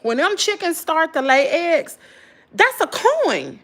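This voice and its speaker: A tired woman in her thirties with a Southern US accent, venting in casual chat to her viewers, swinging from loud exclaims to low muttering. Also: very animated, takes it slowly. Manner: folksy slangy talk, addresses viewers as y'all. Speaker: channel host.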